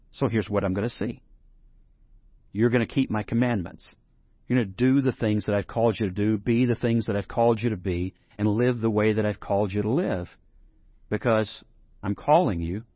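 A man's voice: medium pitch, no room sound, lo-fi sound. A man preaching a sermon in a conversational way, rising to emphatic scripture reading. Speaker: pastor.

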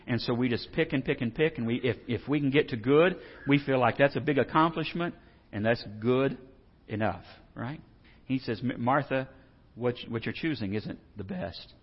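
A man from Texas, teaching a Bible lesson in a folksy, joking way and asking the audience questions. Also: medium pitch. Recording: dull reverberant hall sound.

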